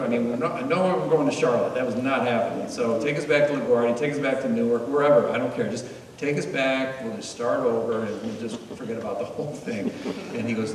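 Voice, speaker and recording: A middle-aged man tells his story to a room, earnest and now and then wryly funny. His voice sits at an ordinary pitch. It rings through a large echoey hall, picked up from a distance over a faint hum. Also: fast. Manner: earnest storyteller with wry humor. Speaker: guest speaker. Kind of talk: storytelling talk. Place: meeting hall. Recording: echoey hall, mic far off.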